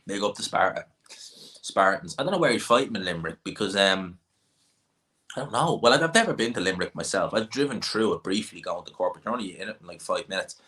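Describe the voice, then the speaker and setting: A low-pitched man hosting a casual livestream, reading out viewer questions and answering them offhand. He rambles, restarts and throws in quick asides without any rush. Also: expressive, bright, forceful tone. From Ireland. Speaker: livestream host.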